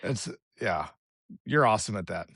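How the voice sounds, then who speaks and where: A man's voice: on the low side, expressive, normal speed, creaky, a bit bright, husky, no echo, studio quality. A middle-aged man hosting a podcast in an easygoing, upbeat way, often laughing along. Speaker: podcast host. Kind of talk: casual chat.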